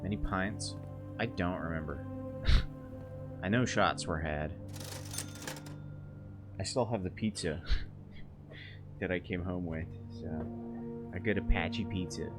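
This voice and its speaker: A man's voice: low-pitched, takes it slowly, pauses often, over music. A young man streaming a game, hungover, rambling and laughing through a story. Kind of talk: casual gameplay chat.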